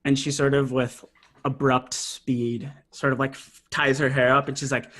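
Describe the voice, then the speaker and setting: A man's voice: mid-range voice, little pitch movement, normal speed, fairly bright tone. Rambling man running a tabletop game. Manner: rambling, full of fillers and likes. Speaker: game master.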